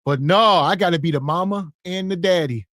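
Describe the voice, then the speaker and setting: A man co-hosting a podcast, responding to clips in a lecturing, dismissive tone. His voice sits a little high. The sound is dry. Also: fairly quick, a bit bright, no echo. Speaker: podcast co-host. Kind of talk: reaction commentary.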